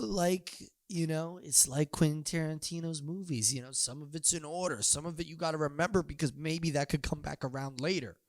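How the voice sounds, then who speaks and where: A young man hosting a podcast, telling a long rambling story full of "you know" and sudden loud drawn-out yells. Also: a little high, no room sound, clean studio sound. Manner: loose, meandering, swings into loud drawn-out yelled bits. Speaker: podcast host.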